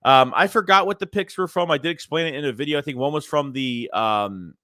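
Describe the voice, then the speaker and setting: A man with a stuffy nose hosting a casual sports livestream, rambling and animated as he reads chat messages aloud. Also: a little high, brisk, no room sound, clean studio sound. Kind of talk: casual live-chat commentary.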